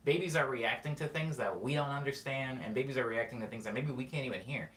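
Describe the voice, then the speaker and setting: Talking fast in a medium-pitched, somewhat bright voice, a man hosts a podcast with a loose, rambling monologue full of fillers, restarts and corrections of himself. The echoey room has faint ambience and a little hiss or hum.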